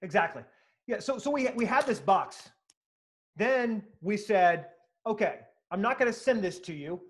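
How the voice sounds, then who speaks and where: A man's voice: sits high, measured pace, slight background noise. A man being interviewed as a sales author, telling stories with energy and emphasis, acting out quotes and swearing now and then. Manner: animated, emphatic, acts out quotes, occasional profanity. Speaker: sales speaker and author, guest.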